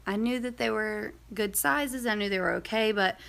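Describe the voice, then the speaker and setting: A woman's voice: mid-range voice, moderate pace, vocal fry, fairly bright tone. A young woman telling a personal story in a casual, rambling vlog, full of fillers and asides. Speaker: vlogger.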